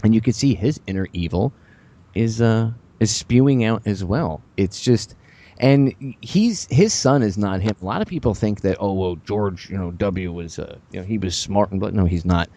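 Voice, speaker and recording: A man hosting a radio talk show, rambling with sarcastic, animated asides. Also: on the low side, moderate pace.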